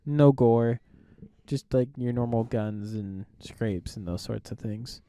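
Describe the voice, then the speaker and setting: A man co-hosts a laid-back movie review podcast. His voice is mellow and warm, and he pauses with ums and laughs easily. The sound is close and dry, with no room echo. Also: medium pitch, clear, resonant tone. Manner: relaxed, laughs often, hesitant with ums. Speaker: podcast co-host. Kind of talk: casual movie review chat.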